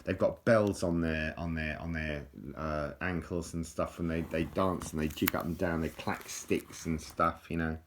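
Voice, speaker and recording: A man's voice: rumbling low, steady tone, a little slow, few pauses, slight background noise. A man from England chatting casually over holiday photos, self-mocking and joking, with frequent restarts and laughter. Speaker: vlogger showing holiday photos. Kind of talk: rambling casual chat.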